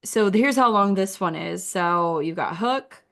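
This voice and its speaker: A woman's voice: mid-range voice, a little slow, vocal fry, a bit bright. Chatty woman giving website feedback. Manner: chatty, encouraging, uses "like" a lot. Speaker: website critique host. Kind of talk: casual screen-share critique.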